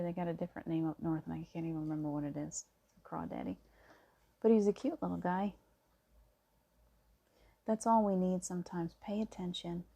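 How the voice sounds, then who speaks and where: Speaking to her viewers, a middle-aged spiritual vlogger keeps a calm, soft-spoken manner, her slightly low voice mellow and warm. In this casual spiritual monologue she shares a personal story, adding gentle, reassuring emphasis.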